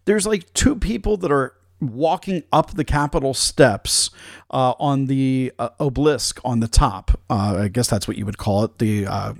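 A man's voice: mid-range voice, a little slow, vocal fry, no room sound, studio quality. A male podcast host giving casual commentary with frequent fillers.

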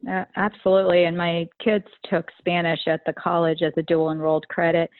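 A woman's voice: on the low side, little pitch movement, a little fast, no echo. A middle-aged woman hosting a podcast, chatty and telling stories with lots of "you know". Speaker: podcast host. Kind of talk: casual interview talk. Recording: tinny phone line, dry.

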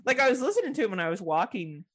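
Lively, chatty woman podcast host. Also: medium pitch, racing, noisy background. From Ontario, Canada. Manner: chatty, laughs often, swears freely. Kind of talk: casual chat.

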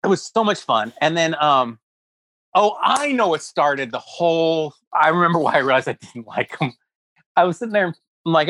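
A male comedian and writer, guesting on a chat show, tells a long, funny anecdote in a fairly high voice at normal speed. He keeps acting out quotes and often laughs mid-story in this casual storytelling chat.

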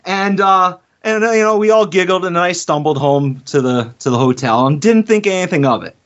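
A man's voice: sits high, expressive, a little fast, fairly bright tone, muffled recording. A man co-hosting a wrestling podcast in casual chat, telling rambling stories and laughing between his points. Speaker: podcast co-host.

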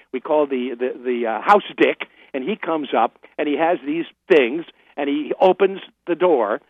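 Calling in over a phone line, an older man is a guest on a radio show, telling stories with laughs and restarts in a casual, anecdotal interview. His voice is medium-pitched, with no echo.

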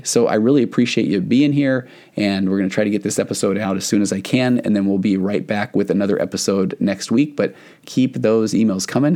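A man's voice: on the low side, dark tone. A man hosting a podcast as a therapist, telling stories in an earnest, reflective way and acting out the dialogue he quotes. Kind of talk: casual podcast monologue.

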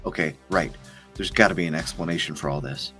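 Casting: man reading a nervous nerdy analyst, low and flustered. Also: brisk, bright, forceful tone, faint music behind. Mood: uneasy. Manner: flustered, incredulous questions.

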